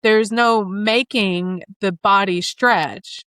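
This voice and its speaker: A woman's voice: mid-range voice, slow pace, fairly bright tone, smooth, no echo. A woman in her thirties hosting an astrology reading, talking in an enthusiastic, flowing way with spiritual wording. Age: 30s. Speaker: astrologer and podcast host. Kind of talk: casual spiritual conversation.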